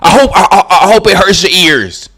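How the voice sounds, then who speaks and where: A man streams live and mocks football in a loose, casual rant, often breaking into laughter and beginning sentences again. At a moderate pace, his high, animated voice sounds pushed, bright and husky.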